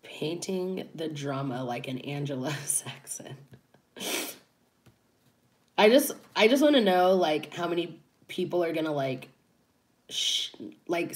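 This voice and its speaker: A woman's voice: deep voice, expressive, normal speed, long pauses. A woman giving casual, chatty commentary as a YouTuber, laughing often between her points.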